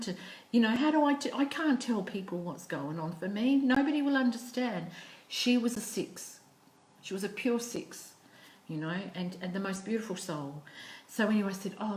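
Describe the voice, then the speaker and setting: A middle-aged Australian woman telling a personal story in a lively way, restarting often and acting out what others said. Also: mid-range voice, normal speed, echoey room, rough recording. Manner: animated storyteller who acts out quoted speech with repeated restarts. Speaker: psychic medium.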